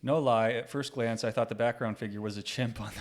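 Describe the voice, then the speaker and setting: A man's voice: mid-range voice, steady tone, a little fast. A man co-hosting a casual reaction chat, laughing often and reading posts aloud. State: sleep-deprived. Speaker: co-host.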